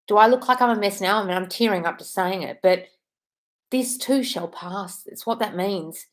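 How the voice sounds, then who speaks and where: A British woman with a somewhat low voice speaks to her live audience. She is earnest and affectionate and keeps calling her viewers darling. She sounds like a coach reassuring people one by one. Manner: affectionate, calls listeners darling, earnest and emphatic. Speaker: manifestation coach hosting a live stream. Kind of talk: live stream Q&A, reading and answering chat.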